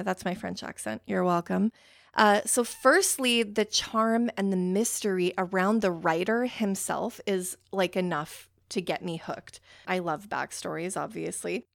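A young woman hosting a casual book-review podcast, talking in an excitable, rambling way full of "like" fillers and getting easily worked up. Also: mid-range voice, creaky, no echo, studio quality. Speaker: podcast host.

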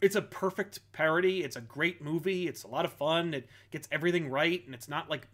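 High-voiced man ranting on a podcast. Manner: animated, ranting, quick mock voices. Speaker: podcast co-host. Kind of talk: casual chat.

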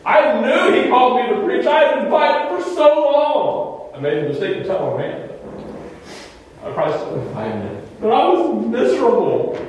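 A male pastor delivers a sermon in a high, lively voice that climbs and drops freely. He talks to the congregation in a conversational, animated way, full of rhetorical questions. The sound rings around a large echoey sanctuary, picked up from some distance with a faint hiss. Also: moderate pace. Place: church sanctuary. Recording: echoey church room, mic at a distance.

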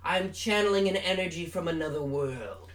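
A man plays a grandiose male rock singer convinced he is a god, booming and theatrical in a put-on British accent. The voice sits a little high for a man and rolls out every line with lofty self-importance. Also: moderate pace, fairly bright tone, lightly acted. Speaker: mock interview guest. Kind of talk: improvised comedy interview.

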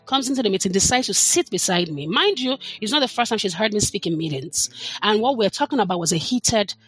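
A woman's voice: medium pitch, lively intonation, fast talker, a bit bright, breathy edge, faint music behind. A middle-aged woman, talking as a podcast guest in a passionate, emphatic way, leaning hard on her words. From Nigeria. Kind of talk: casual chat.

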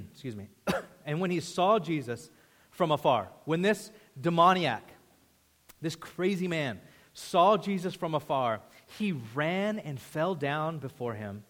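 A man preaching a sermon as pastor, emphatic and storytelling, swinging between loud declarations and hushed asides. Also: a little high. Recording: reverberant hall sound.

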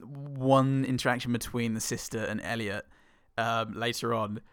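A man's voice: medium pitch, flat delivery, moderate pace, hardly any pauses, fairly bright tone, smooth, dry recording, clean studio sound. A man co-hosting a casual film review podcast, enthusiastically recounting scenes and acting out lines. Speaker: podcast co-host.

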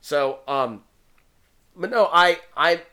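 Bright-voiced male podcast host. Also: a little high, lively intonation, takes it slowly, clean tone. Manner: rambling, repeats words often. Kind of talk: casual podcast chat.

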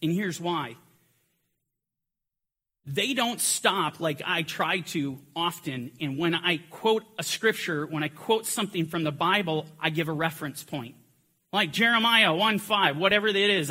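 A man teaching a Bible lesson in an emphatic way, pressing his points harder as he goes. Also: high voice. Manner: emphatic, building to forceful climaxes. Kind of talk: teaching lecture.

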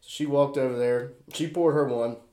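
A man's voice: mid-range voice, fairly even intonation, normal speed, mellow. A man telling a rowdy, profane story in casual chat, laughing through his punchlines. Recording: echoey room.

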